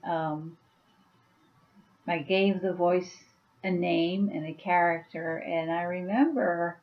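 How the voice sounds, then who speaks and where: A woman's voice: lowish voice, takes it slowly, narrow, tinny audio. A woman chatting casually on her vlog at home, rambling with many fillers. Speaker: YouTuber and author.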